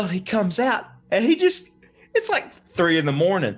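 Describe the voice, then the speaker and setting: Young male podcast guest with a slightly high, very expressive voice, telling a story casually. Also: moderate pace, husky. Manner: animated, swearing, laughing storyteller.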